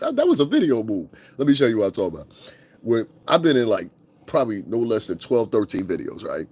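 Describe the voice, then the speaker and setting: Husky, profane New man ranting. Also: fairly low pitch, sing-song, quick pace, darkish tone. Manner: profane, laughing, mocking impressions. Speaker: commentary vlogger. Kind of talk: casual rant commentary.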